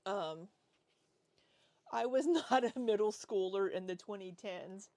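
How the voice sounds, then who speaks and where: A woman's voice: mid-range voice, takes it slowly, darkish tone, no echo. A woman in her forties chatting casually on a livestream, rambling as she reads and answers chat. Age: 40s. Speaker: livestream host.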